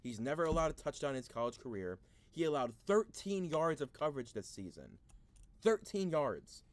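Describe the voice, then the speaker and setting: A man's voice: mid-range voice, very animated, brisk, no room sound. Rambling man doing mock draft commentary. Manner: rambling, frustrated, thinking aloud with restarts. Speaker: sports video host.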